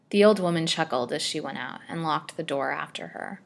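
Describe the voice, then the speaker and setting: A woman storyteller with a low voice reads a chapter of an old serial novel aloud. Her delivery is steady and measured. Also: vocal fry. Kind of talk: scripted narration of a serial novel.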